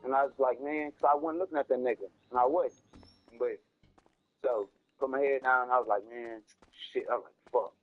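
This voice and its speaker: A man tells a long story in loose, slangy talk, circling back and repeating lines as he goes. His voice is husky and sits at an ordinary pitch. The audio is dull and lo-fi. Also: steady tone, brisk, faint music behind. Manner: rambling, repeats himself, heavy slang and cursing. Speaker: storyteller streaming a game. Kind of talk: casual storytelling.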